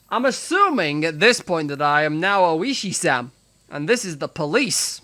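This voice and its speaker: A man's voice: high-pitched, very animated, slow pace, sharp tone. A male streamer reading a visual novel's text aloud with drama, breaking off for joking, profane asides.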